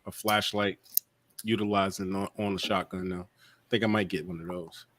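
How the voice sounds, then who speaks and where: A man's voice: sits low, fairly even intonation, normal speed, fairly bright tone. A man hosting a casual livestream chat, rambling with lots of fillers and trailing asides. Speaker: podcast host.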